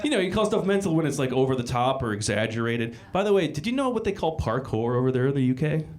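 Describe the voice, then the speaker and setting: A man's voice: mid-range voice, very animated, fast talker, darkish tone. A man performing a stand-up comedy set on a club stage, rambling and crude, with frequent restarts and swearing. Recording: live club recording with crowd laughter. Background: audience laughter.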